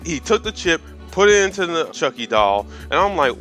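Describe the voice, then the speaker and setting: A man's voice: on the high side, very animated, normal speed, hardly any pauses, fairly bright tone, soft background music. Sarcastic man in his thirties ranting. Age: 30s. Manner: profane, sarcastic, stumbling restarts. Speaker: movie reviewer. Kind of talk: casual rant.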